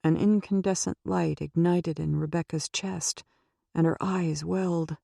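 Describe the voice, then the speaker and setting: A woman reading a suspense audiobook in a steady, measured way into a close microphone. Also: on the low side, creaky, dry recording. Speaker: audiobook narrator. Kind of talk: scripted audiobook narration.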